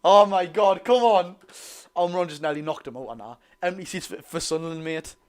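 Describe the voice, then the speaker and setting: A young man with a Geordie accent giving live, excitable fan commentary on a football match, swinging between loud cheering and low muttering. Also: brisk. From North East England. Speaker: football watch-along host.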